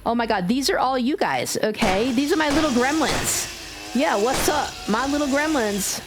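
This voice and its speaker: Loud, teasing woman streamer. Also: high-pitched, expressive, moderate pace, heavy background noise. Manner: loud, playful, teasing and swearing at chat. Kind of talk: live gaming stream chat.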